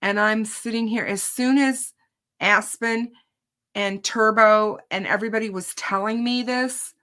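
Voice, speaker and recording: A woman's voice: fairly high pitch, steady tone, measured pace, pushed and bright. A woman hosting a true crime channel, telling viewers about her day in court in an emphatic, indignant casual way.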